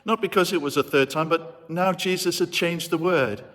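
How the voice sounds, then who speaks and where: A man's voice: a little high, moderate pace, fairly bright tone. A man preaching a sermon as a vicar, retelling a story in an earnest, reflective way. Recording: long hall reverb.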